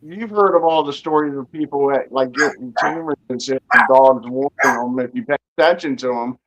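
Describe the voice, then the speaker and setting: A man's voice: medium pitch, brisk, a bit bright, poor audio. A man co-hosting a casual chat in easygoing, self-deprecating banter.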